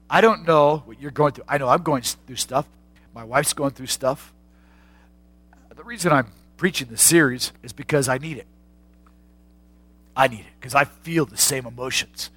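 A man preaching as a pastor, dramatic and swinging from loud declarations to hushed asides, with direct questions to his listeners. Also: medium pitch, moderate pace, pauses often, no echo. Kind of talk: sermon.

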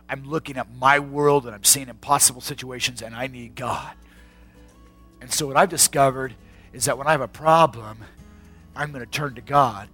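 A man preaching as a pastor, dramatic and swinging from loud declarations to hushed asides, with direct questions to his listeners. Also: medium pitch, breathy edge. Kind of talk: sermon.

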